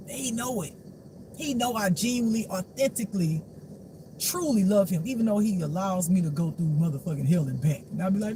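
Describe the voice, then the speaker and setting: Brief: raw spiritual teacher, casual talk, profane and laughing, steady background noise. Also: a little fast. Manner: blunt, profane, laughing, swings from low mutters to shouts. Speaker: spiritual life teacher and reader. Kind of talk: casual unscripted monologue. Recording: noisy background hum.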